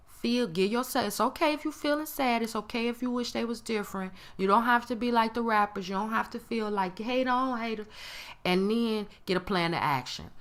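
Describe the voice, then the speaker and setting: A woman's voice: mid-range voice, sharp tone. A woman giving a motivational talk to camera, emphatic and given to acting out other people's tones. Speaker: motivational speaker.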